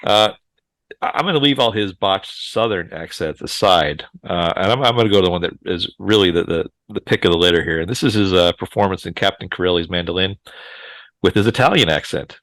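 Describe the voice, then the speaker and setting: A man's voice: deep voice, a little fast, a bit bright, no echo. A man hosting a casual movie podcast, often laughing and passing the turn to his co-hosts. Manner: laughs often, moderates turns. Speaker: podcast host.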